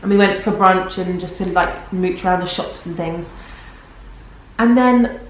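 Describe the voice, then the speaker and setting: A woman's voice: on the low side, a little slow. A young pregnant woman vlogging casually, rambling and self-deprecating, tired. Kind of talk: casual vlog chat. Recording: very echoey room.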